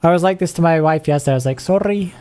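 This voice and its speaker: A man's voice: a little high, very fast, a little mellow, a little hiss or hum. A man streaming live game commentary, chatty and casual, putting on a playful made-up accent and rolling his R's. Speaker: streamer commentating viewers' matches.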